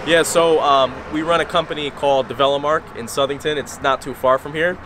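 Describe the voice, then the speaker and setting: Fast-talking agency owner outdoors. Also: male voice, fairly high pitch, steady tone. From born in Brazil, raised in Connecticut. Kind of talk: casual interview talk. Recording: outdoor street noise behind the voice.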